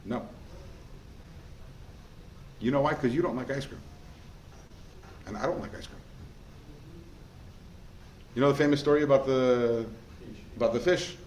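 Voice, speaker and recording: A man, a rabbi teaching a class, in a lively way, often asking the listeners questions. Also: mid-range voice, measured pace, pauses often. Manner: animated, asks the class rhetorical questions. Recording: echoey room with faint noise.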